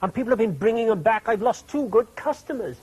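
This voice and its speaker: Nervous fox photographer, stammering, flustered, high lively voice, children's TV puppet play. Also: male voice, fast, slightly rough, exaggerated voice, low-quality recording. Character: fussy anxious male fox photographer.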